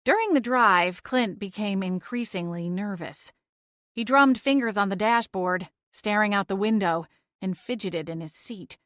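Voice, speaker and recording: Dry, measured woman narrator. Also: medium pitch, a bit bright, dry recording. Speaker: audiobook narrator. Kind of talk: first-person audiobook narration.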